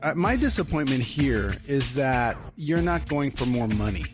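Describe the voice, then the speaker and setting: A man's voice: mid-range voice, moderate pace, music in the background. A man hosting a podcast in casual chat, teasing and giving advice. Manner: teasing, lively, gives advice. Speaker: podcast host.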